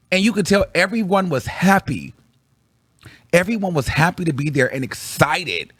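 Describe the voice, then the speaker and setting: A man telling a story to his viewers in slangy, casual chat, swinging from low mutters to high excited bursts. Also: moderate pace, slightly rough, dry recording. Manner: slangy, calls the audience girl. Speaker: vlogger reviewing a concert.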